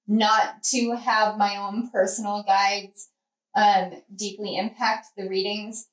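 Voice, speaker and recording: A woman's voice: mid-range voice, level tone, slow. A woman giving a spiritual tarot reading, rambling and heartfelt with many fillers, speaking from a distance from the mic. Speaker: tarot reader. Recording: roomy, from off-mic.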